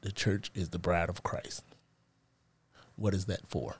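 A man's voice: low voice, flat delivery, measured pace, slightly rough. A man co-hosting a casual podcast chat, teasing the others and laughing a lot. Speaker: podcast co-host.

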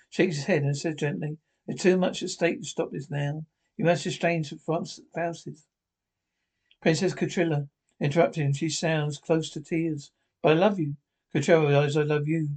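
Halting man retelling a story. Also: on the high side, a little mellow. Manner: halting, with restarts and ad-libbed asides. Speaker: reader retelling a TV episode. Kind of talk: informal plot narration.

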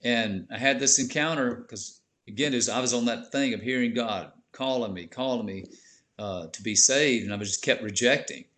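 A man's voice: medium pitch, normal speed, fairly bright tone. Guy telling his testimony on a podcast, earnest and heartfelt, keeps saying man. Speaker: podcast guest, bishop. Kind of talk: emotional testimony in casual chat.

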